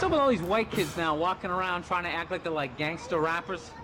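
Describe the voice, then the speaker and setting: A man's voice: high voice, fast, few pauses, heavy background noise. A middle-aged man, a comedian, ranting bluntly and sarcastically in a stand-up and podcast style. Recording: clip with audience laughter.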